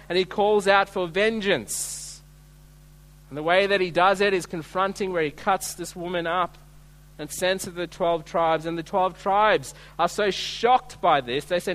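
Man, high-pitched voice, earnest sermon, emphatic, acts out quotes. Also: a bit bright, low-quality recording. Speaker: preacher.

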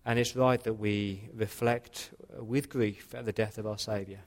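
Earnest male preacher, quiet pauses. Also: on the low side, steady tone. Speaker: pastor. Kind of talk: sermon. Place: church.

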